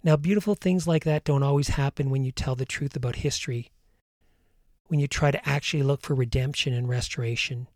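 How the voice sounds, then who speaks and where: A man hosting, earnestly retelling a story and guiding a calm breathing meditation. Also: mid-range voice, a little fast, dry recording, clean studio sound.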